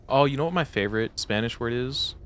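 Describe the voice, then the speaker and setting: A man's voice: medium pitch, a little fast, fairly bright tone, slight background noise. A young man streaming a game, joking and rambling casually to his viewers and swearing freely. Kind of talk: casual chat to stream viewers while gaming.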